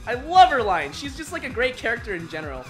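A woman hosting a let's-play, reacting excitedly and squealing while she plays and chats. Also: fairly high pitch, fast talker. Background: game music.

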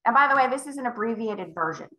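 A woman sales coach leading a live call, emphatic and acting out client conversations with big swings in pitch. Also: lively intonation, fast talker, sharp tone, roomy sound, poor audio. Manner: emphatic, role-plays client dialogue with big pitch jumps. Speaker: real estate sales coach.

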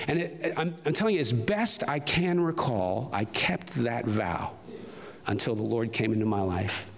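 A man's voice: mid-range voice, big pitch swings, moderate pace, fairly bright tone. Earnest male pastor in a reverberant sanctuary. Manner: earnest storytelling, rising to fervent emphasis. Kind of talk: personal testimony sermon. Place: church sanctuary. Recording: long reverb of a large hall.

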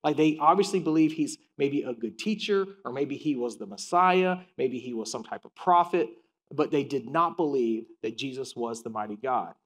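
A male pastor preaching a sermon in a conversational, animated way, acting out the scripture scenes as he tells them. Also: mid-range voice, normal speed.

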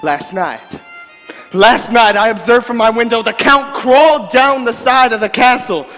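A man's voice: very high-pitched, a little slow, a bit bright, faint music behind, heavily acted. An actor playing a frightened young male traveler reciting his journal on a theatre stage, earnest and anxious. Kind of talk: stage monologue narration. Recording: theatre reverb with violin underscore.

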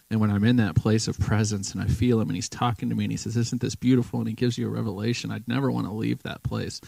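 A man's voice: fairly low pitch, gravelly, a little mellow, no echo, rough recording. A man giving a casual, emotional sermon in a church, telling a story with lots of restarts and fillers. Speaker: guest preacher.

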